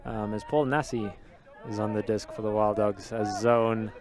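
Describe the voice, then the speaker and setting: Low steady male sports commentator. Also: moderate pace, crowd noise. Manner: steady, descriptive calling of play. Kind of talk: live play-by-play commentary. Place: outdoors at a sports field.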